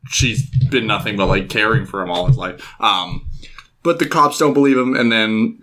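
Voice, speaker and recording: A man's voice: on the low side, moderate pace, sharp tone, slight background noise. A man co-hosting a movie podcast, casually recapping a film, swearing and acting out lines with laughter. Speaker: podcast co-host. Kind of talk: casual movie review chat.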